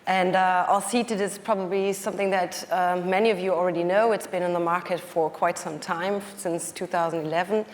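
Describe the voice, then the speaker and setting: A woman with a German accent speaking on a conference panel, often pausing with fillers and restarting her sentences. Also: fairly low pitch, fairly even intonation, big-room sound, a little hiss or hum. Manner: hesitant, many fillers and restarts. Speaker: panelist, company executive.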